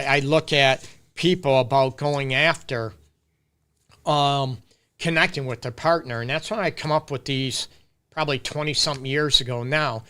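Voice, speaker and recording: A man's voice: fairly high pitch, pushed and bright. A middle-aged man hosting a live relationship advice Q&A as a counselor, talking earnestly and conversationally, often checking in with "you get me?" and stressing points by repeating them. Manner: lists points with repetition and emphasis. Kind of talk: live-stream advice talk.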